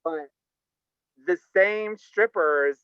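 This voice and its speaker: A campy, chatty older man spins a story and keeps tossing in "honey." His voice sits a little high. The video call audio is dull and dry, with no room sound. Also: very slow, smooth, dry recording. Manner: campy, chatty, says "honey, okay?" often. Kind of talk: live storytelling.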